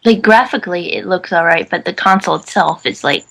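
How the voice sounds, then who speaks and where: Laid-back male guest, gravelly, faint background noise. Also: high voice, lively intonation, fairly quick, bright, forceful tone, rough recording. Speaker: podcast guest. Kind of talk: casual gaming podcast chat.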